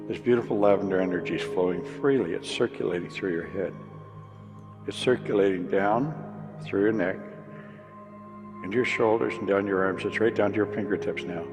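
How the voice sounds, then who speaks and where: Hypnotist: deep man with a gravelly edge, slow repetitive instructions, reverberant recording with music. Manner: slow, soothing, repetitive commands. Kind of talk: guided hypnosis visualization.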